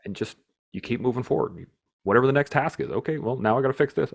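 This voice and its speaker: A man hosting a podcast, telling stories in a casual, animated way, swearing freely and laughing as he talks. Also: mid-range voice, fast talker, creaky. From Canada. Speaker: podcast host. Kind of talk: casual storytelling chat.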